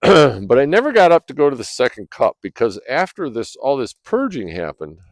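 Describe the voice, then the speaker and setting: A man telling a personal story in a rambling, casual way, clearing his throat often, recorded outdoors by a fire. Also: mid-range voice, wildly swooping pitch, moderate pace, no echo. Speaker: vlogger.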